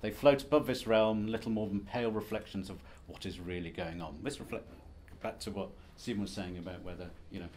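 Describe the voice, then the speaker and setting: A male academic presents at a conference, wry and conversational, poking fun at himself. He has a lowish, darkish voice, goes a little fast with hardly any pauses, and slight background noise can be heard.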